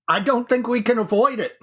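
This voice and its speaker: A man's voice: very high-pitched, pushed and bright, breathy edge. A man co-hosting a casual hobby podcast, chatting in an easygoing, self-deprecating way. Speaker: podcast co-host.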